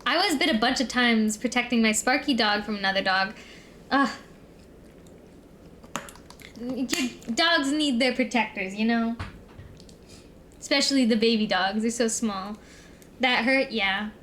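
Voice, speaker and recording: A woman's voice: fairly high pitch, moderate pace, a bit bright, a little hiss or hum. A young adult woman streamer telling a long rambling story in casual chat, full of "like" and "um". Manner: rambling, filler-heavy storytelling.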